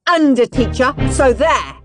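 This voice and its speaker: A woman's voice: sits high, lively intonation, a little slow, over music. A cheeky, defiant young boy.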